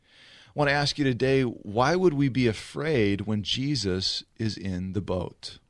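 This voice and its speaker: A man preaching a sermon as a pastor. He tells the story vividly, acting out the scenes, and swings between rushed and slow delivery. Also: medium pitch.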